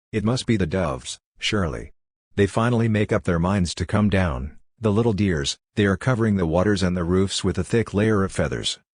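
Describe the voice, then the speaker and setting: A man reading a literary novel aloud as a first-person monologue, in a measured, deliberate way. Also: low-pitched, a little mellow, slightly rough, dry recording, clean studio sound. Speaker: audiobook reader. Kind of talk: literary audiobook narration.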